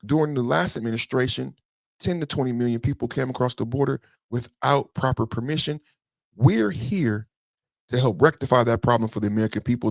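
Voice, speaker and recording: A man putting on a calm male border official who makes a polite, measured request. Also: mid-range voice, creaky, no room sound, pitched below the performer's own voice, close to an everyday voice.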